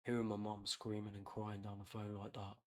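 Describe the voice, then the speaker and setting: A man's voice: on the low side, monotone, brisk. A man, talking candidly and reflectively on a personal podcast, blunt and swearing freely.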